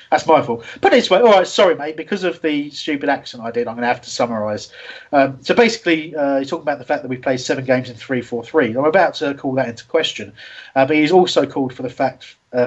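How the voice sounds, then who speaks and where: A man's voice: medium pitch, slightly rough, lo-fi sound. A man hosting a casual football talk show, rambling and self-deprecating with many fillers. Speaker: host.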